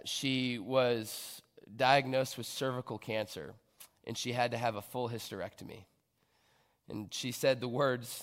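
A man preaching a sermon from a church stage, earnest and building to emphatic bursts. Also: mid-range voice. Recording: long hall reverb.

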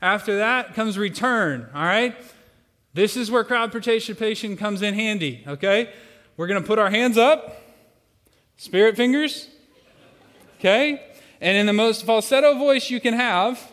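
A pastor with a high, somewhat bright voice, speaking at normal speed, guides his congregation in a playful participation activity. He teaches with jokes and coaching, his words echoing with long hall reverb through the large church sanctuary.

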